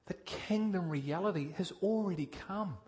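A male preacher giving a sermon, energetic and direct, asking his listeners questions and swinging from loud emphasis to quiet intensity. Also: high-pitched, measured pace, a little hiss or hum.

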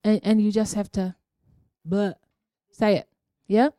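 Sharing prophetic experiences in an informal church teaching, a woman talks haltingly, filling gaps with ums and tag questions. Her voice is mid-range, warm and mellow, with a level tone, and the recording is dry and close.

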